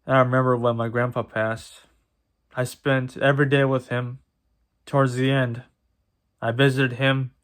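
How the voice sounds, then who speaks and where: A man talking to his viewers in a personal vlog, emotional and close to tears, halting and repeating his words as he speaks. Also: medium pitch, little pitch movement, a bit bright. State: tearful, emotional. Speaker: vlogger. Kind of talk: personal vlog talk to camera.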